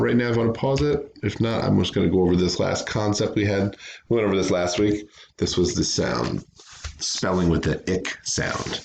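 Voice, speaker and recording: A man's voice: low voice, vocal fry, slight background noise. A man teaching a recorded phonics lesson to children, patiently sounding out words syllable by syllable.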